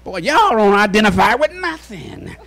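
A man preaching a fervent sermon in a church, often shouting and repeating "watch this" to rally the congregation. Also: high-pitched, wildly swooping pitch, normal speed, creaky. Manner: shouting, repeats "watch this", folksy call-and-response. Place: church sanctuary.

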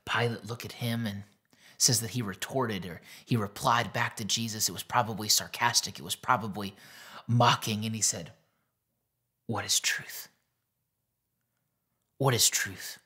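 A male pastor preaching a sermon that retells a Bible story. He is earnest and often drops to a soft near-whisper. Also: lowish voice, steady tone, normal speed, breathy edge.

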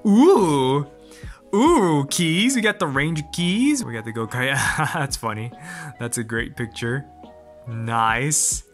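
A man casually talking through a toy unboxing, excitable and gushing, often laughing and exclaiming. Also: mid-range voice, takes it slowly, soft background music.

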